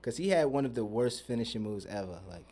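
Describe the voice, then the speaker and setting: A man's voice: medium pitch, expressive, quick pace, mellow. A young man hosting a podcast, talking in a loose, profane, rambling and joking way. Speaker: podcast host. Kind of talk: casual chat.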